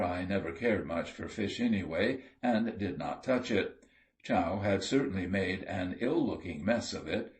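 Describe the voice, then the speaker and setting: A man reading an audiobook sea story aloud in a steady, measured storytelling manner. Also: sits low. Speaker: audiobook reader. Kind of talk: scripted narration.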